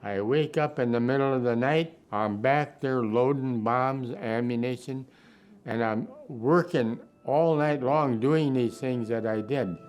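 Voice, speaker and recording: Soft music plays behind this slightly slow, somewhat mellow man of medium pitch. Now past one hundred, the Minnesota war veteran looks back thoughtfully on his life for a documentary, performing the conversations as he recalls them.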